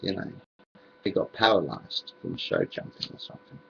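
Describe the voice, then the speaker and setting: A man talks straight to his camera, wandering from one subject to the next and saying the same thing twice. His voice sits low and is gravelly, with a husky edge. The sound is muffled and lo-fi, like an old home camcorder. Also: huge pitch swings, normal speed. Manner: meandering, repeats himself, drifts between topics. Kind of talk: rambling home video monologue.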